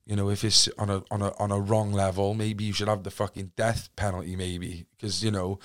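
This Cardiff man, speaking in a South Wales accent, swears his way through rambling stories as a podcast guest, restarting often. His voice is lowish and flat in delivery, and he talks briskly.

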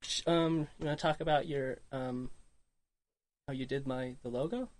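A woman hosting a casual podcast chat, relaxed and reflective, letting her sentences trail off loosely. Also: a bass voice, moderate pace, no echo. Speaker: podcast host.

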